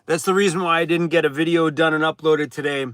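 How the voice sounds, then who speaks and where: A man with a slightly higher voice hosts a relaxed night-time livestream from inside his van, reading out viewer names and comments. He sounds tired and easygoing, chuckling often and chewing as he talks. The sound is close and dry, with no room echo. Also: fast talker. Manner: laid-back, chatty, laughs often, talks while chewing. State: tired, worn out. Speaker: van life vlogger hosting a live chat.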